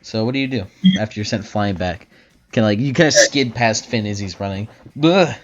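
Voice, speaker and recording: A man narrating as game master in a tabletop game, talking haltingly with many fillers and restarts. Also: on the low side, a bit bright, slight background noise. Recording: dull lo-fi audio with faint music.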